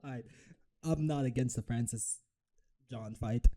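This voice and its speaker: Dark-voiced cursing reaction streamer man. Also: medium pitch, measured pace. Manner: profane, animated, mocks with impressions. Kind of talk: live reaction commentary.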